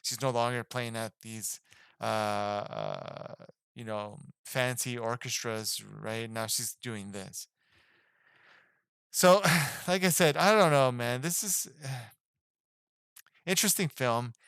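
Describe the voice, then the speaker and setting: A man's voice: medium pitch, expressive, takes it slowly, creaky, a bit bright, clean tone, no echo, clean studio sound. A man giving a casual spoken film review, rambling and hesitant, with lots of fillers and restarts. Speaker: movie reviewer.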